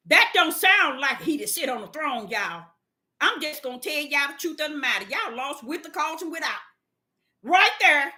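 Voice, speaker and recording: Woman, preacher, fervent, repetitive, very high voice, piercing brightness. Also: expressive, normal speed. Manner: swings from low murmurs to shouting, laughing and crying out; fervent, repeats phrases for emphasis. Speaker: preacher teaching scripture to an online audience. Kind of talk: fiery preaching.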